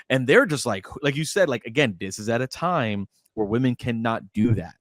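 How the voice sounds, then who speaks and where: A man's voice: mid-range voice, animated, brisk, hardly any pauses, no room sound, clean studio sound. A man co-hosting a podcast, talking enthusiastically about a film and quoting its characters. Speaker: podcast co-host. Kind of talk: casual movie breakdown chat.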